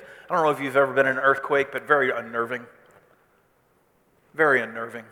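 A male pastor from Missouri preaching a sermon with animated delivery, swinging between loud declarations and hushed asides. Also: mid-range voice, a little fast, pauses often. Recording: reverb of a large hall.

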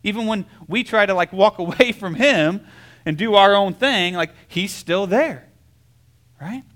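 A young adult man gives a casual sermon in an easy, conversational way. His voice sits a little high, and he keeps checking in with the listeners. When he tells a story he gets animated, dropping soft and then rising loud. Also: a little slow. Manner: conversational, lots of filler "like" and "right?". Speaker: pastor.

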